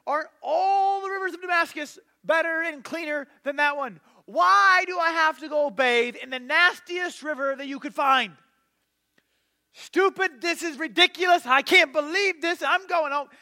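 A man voicing a proud foreign army general who rants and shouts in indignation while retelling a sermon story. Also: high-pitched, wildly swooping pitch, normal speed, pauses often, husky, full character voice. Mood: furious.

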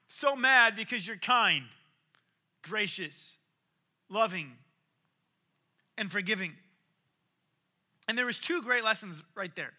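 A man preaching a sermon in an animated way, acting out the voices of the people he quotes and swinging from loud to soft. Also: very high-pitched. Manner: animated, acts out quoted voices, varies loudness widely. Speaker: pastor.

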